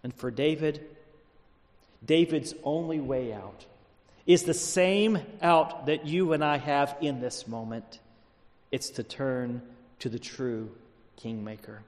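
Man, preacher, slow deliberate sermon, swings from loud emphatic peaks to hushed lows, long hall echo. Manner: builds to loud, high emphatic preaching, then drops low and quiet.

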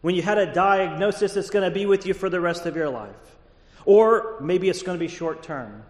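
A man preaching a sermon as pastor of a church, measured and deliberate, drawing out key words. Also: high voice, roomy sound, long reverb tail. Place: church sanctuary.

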